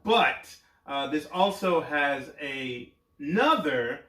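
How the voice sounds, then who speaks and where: A man's voice: on the high side, lively intonation, slow pace, pushed and bright, distant mic. A man co-hosting a podcast in casual chat, stumbling over words and laughing. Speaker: podcast co-host. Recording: echoey room, away from the mic.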